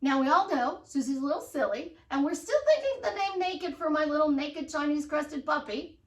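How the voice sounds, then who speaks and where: Bubbly high-voiced woman life coach. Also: moderate pace, reverberant, recorded from a distance, poor audio. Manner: animated, acts out excited affirmations. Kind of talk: motivational talk to camera.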